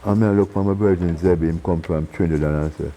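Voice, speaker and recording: A man with a Jamaican accent, a reggae singer telling stories in a casual interview. He is animated, acting out the voices of people in his stories and laughing often. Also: sits low, quick pace, poor audio. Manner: animated storyteller who acts out quoted voices and laughs often.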